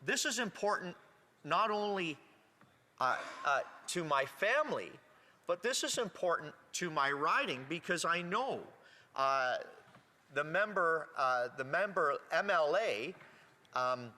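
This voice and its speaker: A man, a member of parliament, giving a speech in a legislative chamber, halting and repeating words as he searches for them. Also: fairly high pitch, very animated, pushed and bright. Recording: long reverb of a large chamber.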